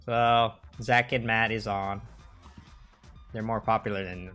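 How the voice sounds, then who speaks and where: Young male streamer, loose and rambling, swears freely; keen, bright voice. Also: on the low side, steady tone, takes it slowly, faint music behind. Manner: rambling, swears a lot, restarts often. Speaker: livestream host. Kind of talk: casual livestream chat.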